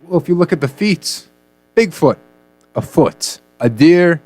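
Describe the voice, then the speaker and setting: A man's voice: a little high, animated, measured pace, a little mellow, no room sound, faint music behind. A man co-hosting a comedy news radio show, joking and punning through the stories. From United States. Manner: jokey, punning, playful delivery.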